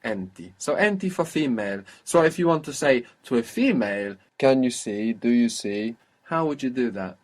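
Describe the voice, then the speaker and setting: A man's voice: mid-range voice, lively intonation, fairly quick. A man teaching a language lesson, patiently prompting his student with questions and repeating the answers.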